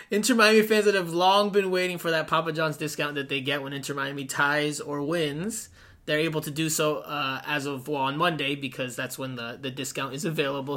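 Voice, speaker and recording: Male podcast co-host, bright and slightly high voice, upbeat and jokey, casual sports talk. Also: steady tone, moderate pace. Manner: upbeat, jokey, laughs often.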